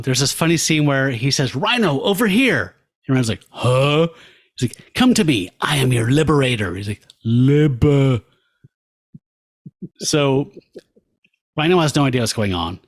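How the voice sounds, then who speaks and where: A man co-hosting a podcast, casually retelling a comic story and acting out its characters' lines with laughs. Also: mid-range voice. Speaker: podcast co-host. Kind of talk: casual comic recap chat.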